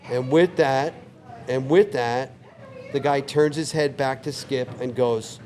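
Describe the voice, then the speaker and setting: A man's voice: mid-range voice, takes it slowly, slight background noise. Older man spinning a vivid bar tale. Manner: relaxed, vivid anecdote teller who acts out quoted lines. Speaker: bar owner telling a story. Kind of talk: casual storytelling interview. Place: indoors on a couch in a bar.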